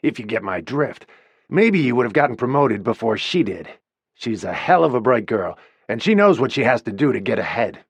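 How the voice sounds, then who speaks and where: A man's voice: medium pitch, very animated, moderate pace, breathy edge, no room sound. A male narrator voicing a sleazy, defensive office boss who talks in a curt, insinuating way.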